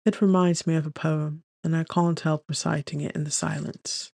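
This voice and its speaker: A man narrating a first-person romance audiobook in a gentle, unhurried storytelling manner on a close studio mic. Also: fairly high pitch, flat delivery, creaky, dry recording.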